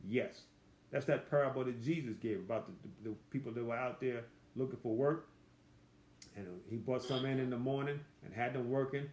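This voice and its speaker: A man's voice: mid-range voice, steady tone, a little mellow, roomy sound. Folksy man teaching a Bible study. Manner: reads verses slowly and emphatically, then explains in plain folksy talk.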